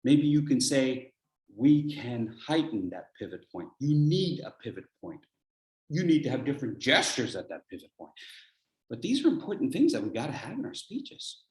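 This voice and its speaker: A man teaching a speaking workshop with a very lively, swooping voice that swings between sudden loud bursts and near whispers. His voice bounces around an echoey room. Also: medium pitch, normal speed. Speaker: speech coach.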